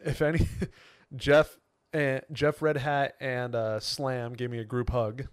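A man's voice: medium pitch, clean tone, dry recording, studio quality. Laughing young male podcast co-host. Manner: animated, laughs often, talks fast when excited. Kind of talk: casual podcast chat.

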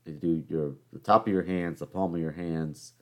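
A man's voice: low voice, steady tone. A young man hosting a podcast, telling a rambling casual story with many fillers and restarts. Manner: halting, lots of fillers and restarts. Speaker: podcast host.

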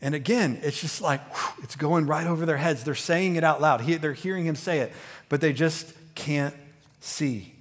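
A man preaching a sermon as pastor, talking conversationally with many fillers and restarts, growing animated as he goes. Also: on the high side, normal speed.

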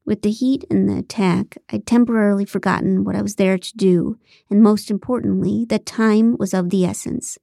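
A woman reading an audiobook aloud in the first person, even and wry in her delivery. Her voice is mellow and warm, never bright. It is recorded dry and close in a booth. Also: medium pitch, moderate pace, gravelly, few pauses, no room sound. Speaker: audiobook narrator. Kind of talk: scripted narration.

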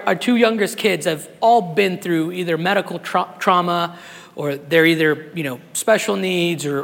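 High, bright-voiced male pastor preaching. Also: vocal fry, long reverb tail. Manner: emotional, swings from soft to shouted. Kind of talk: sermon. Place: church sanctuary.

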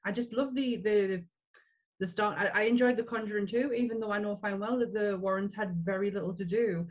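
A woman's voice: medium pitch, fairly quick. Brief: woman, podcast co-host, chatty, restarts a lot, dull lo-fi sound. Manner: chatty, many restarts and fillers. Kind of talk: casual film chat.

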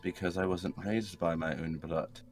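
A man playing a tabletop game, chatting casually in an excitable, playful way with some swearing. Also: deep voice, moderate pace, soft background music. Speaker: player. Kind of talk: casual chat.

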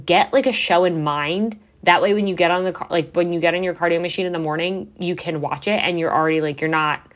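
A woman's voice: lowish voice, fairly even intonation, fast, hardly any pauses. A young adult woman hosting a podcast, chatting casually and swearing now and then, with lots of "like". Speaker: podcast host.

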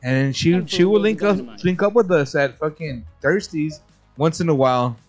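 A man's voice: a little high, normal speed, muffled recording, faint music behind. A man co-hosting a podcast, telling stories in casual chat, profane and laughing, with lots of fillers and restarts. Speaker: podcast co-host.

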